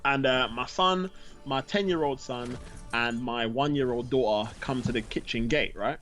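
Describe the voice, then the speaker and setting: A man's voice: medium pitch, moderate pace, a bit bright, faint music behind. A man in his thirties chatting casually on a gaming stream, laughing often, telling stories and reading out questions. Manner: laughing, storytelling, says man and bro a lot. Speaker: co-host reading chat questions.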